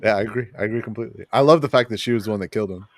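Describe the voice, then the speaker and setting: A man's voice: on the low side, very fast. A middle-aged man co-hosting a podcast in casual chat, enthusiastic and rambling, laughing often. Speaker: podcast co-host.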